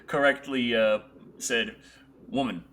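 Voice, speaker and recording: A young man hosting a casual livestream chat, excitable and tripping over his words with many restarts. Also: medium pitch, takes it slowly, slight background noise. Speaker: show host.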